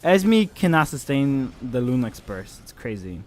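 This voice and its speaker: A man casually commentating an esports match on his live stream, joking and swearing, with bursts of excited shouting. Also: mid-range voice, measured pace.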